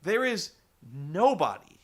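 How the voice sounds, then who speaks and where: A man hosting a casual comedic wrestling recap, animated, laughing and swearing casually. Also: high voice, slow pace.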